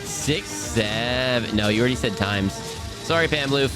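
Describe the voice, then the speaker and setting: A man's voice: mid-range voice, animated, moderate pace, music in the background. A man hosting a cartoon watch-along stream from home at his computer, rambling and giggling as he answers chat. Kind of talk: casual live-stream chat.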